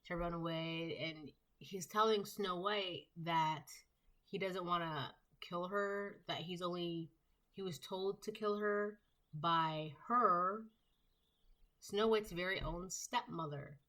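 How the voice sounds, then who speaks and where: A woman's voice: lowish voice, slow pace, a bit bright. A woman giving a casual tarot reading, talking in a rambling way with many fillers and restarts. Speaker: tarot reader.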